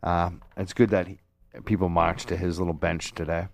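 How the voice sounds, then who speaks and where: A man hosting a radio talk show, chatting loosely and excitably with a slight lisp. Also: low-pitched, moderate pace, gravelly, no room sound. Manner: loose, excitable and self-deprecating. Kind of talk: casual radio chat. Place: radio studio. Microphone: studio microphone.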